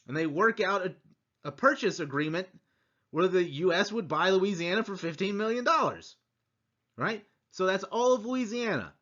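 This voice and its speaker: Animated male history teacher, lo-fi. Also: sits high, moderate pace. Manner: animated, acts out quotes, rhetorical asides. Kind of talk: conversational history lecture.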